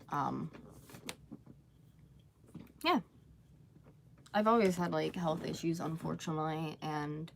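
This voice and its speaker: A woman's voice: deep voice, gravelly, a little hiss or hum. A young woman talking candidly to viewers on a live stream, rambling with many fillers and restarts.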